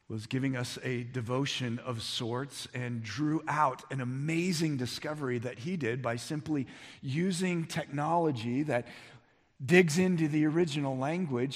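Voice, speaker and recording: A man preaching a sermon as pastor, emphatic, building to near-shouts on key points. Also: mid-range voice. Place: church sanctuary. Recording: long reverb of a large hall.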